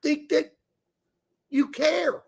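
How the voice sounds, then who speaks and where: Speaking extremely slowly in a very high voice, a man co-hosting a soccer podcast launches into a heated, casual rant. He's crude and sarcastic, with mock-emotional asides.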